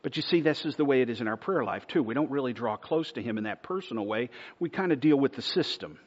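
A man preaching a sermon in an earnest style, building to loud, emphatic stretches and dropping to a hush on key words. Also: mid-range voice, animated, fast talker, lo-fi sound. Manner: earnest preaching, swells louder to a near-shout at points, drops to a hush on key words. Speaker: pastor.

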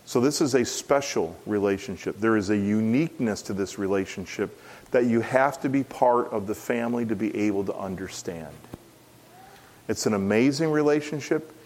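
A middle-aged man, a pastor, preaching an expository sermon in an earnest, emphatic way, repeating key phrases and rising in pitch when stressing a point. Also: normal speed, a little mellow.

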